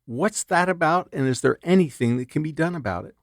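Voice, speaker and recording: A man's voice: on the high side, expressive, a little fast, creaky, no echo, clean studio sound. A man co-hosting a radio health show, asking brief, direct questions. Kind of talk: interview questions.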